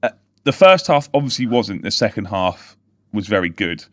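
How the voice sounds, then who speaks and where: Low-voiced sweary man. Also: expressive, normal speed, no room sound, clean studio sound. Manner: sweary, loses his train of thought, laughs easily. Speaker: podcast host. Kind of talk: casual football chat.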